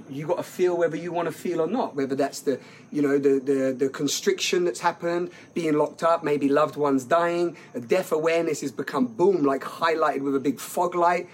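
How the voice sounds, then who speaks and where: A man talking about feelings in a casual, animated conversation, laughing often and restarting his sentences. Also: a little high, moderate pace, a little hiss or hum.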